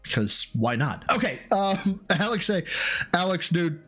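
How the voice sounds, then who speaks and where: A man hosting a casual livestream, excitable and rambling, swearing freely as he thanks viewers. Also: high-pitched, a little slow, husky, soft background music. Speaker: streamer host.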